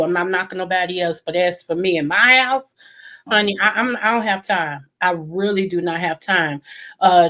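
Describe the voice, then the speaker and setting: A woman joining a live stream as a guest, talking in an earnest, agreeable and somewhat halting way. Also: fairly low pitch, fairly bright tone. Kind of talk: casual chat.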